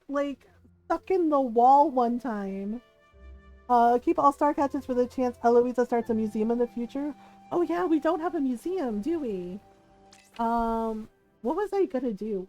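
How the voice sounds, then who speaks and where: A woman's voice: a little high, dark tone. A middle-aged woman streaming a game, chatting casually in a rambling, self-deprecating way and laughing often.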